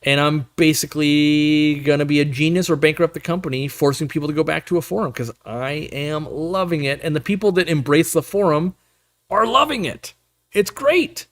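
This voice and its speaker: A man's voice: a little high, normal speed, no echo, studio quality. A man hosting a casual live stream, chatting loosely and answering the chat with fillers and slang. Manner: rambling, upbeat, lots of fillers and slang.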